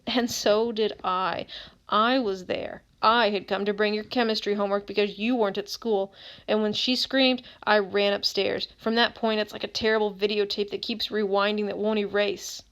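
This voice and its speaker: A woman's voice: medium pitch, fairly even intonation, normal speed, fairly bright tone, natural voice. A woman reading as a haunted teen who questions a dead friend in a relentless way, in an audiobook. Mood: grim.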